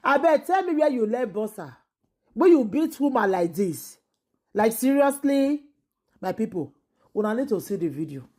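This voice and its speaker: A Nigerian woman speaking Pidgin English, giving an exasperated vlog commentary. She keeps repeating phrases and swings from loud outbursts to low asides. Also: big pitch swings, normal speed. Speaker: vlogger.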